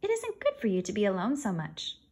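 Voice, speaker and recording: A woman's voice: mid-range voice, huge pitch swings, fairly quick, a little mellow, husky, full character voice. A woman voicing a stern, worried farm mother scolding her daughter in a storybook reading. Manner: firm, scolding.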